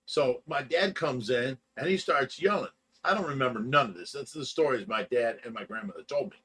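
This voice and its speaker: A man's voice: mid-range voice, expressive, a little fast, bright, forceful tone, slightly rough. A man hosting a livestream, chatting casually and telling long rambling stories, laughing along as he goes and sounding tired from little sleep. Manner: rambling, laughs through his own stories. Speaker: livestream host. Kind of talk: casual storytelling chat.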